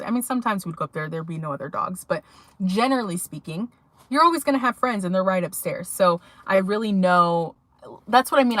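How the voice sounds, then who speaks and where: A woman's voice: lowish voice, a bit bright. A young adult woman vlogging to her viewers, telling a rambling story in a chatty way with many fillers. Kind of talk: casual chat to viewers.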